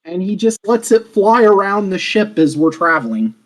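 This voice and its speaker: A man playing a tabletop role-playing game, making blunt, deadpan remarks and narrating his character's actions. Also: high voice, moderate pace, poor audio. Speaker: player. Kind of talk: tabletop role-play chat.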